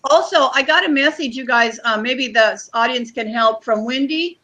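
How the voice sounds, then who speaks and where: A woman's voice: high-pitched, normal speed, bright, forceful tone, highs cut off. A woman hosting a casual video-call chat, busily juggling messages and streams.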